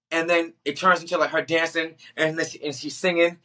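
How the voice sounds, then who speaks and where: Young guy from boston way, podcast guest, slangy and animated, acts out everybody's lines, bright forceful voice. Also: a little high, brisk, few pauses. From Boston area. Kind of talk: casual storytelling.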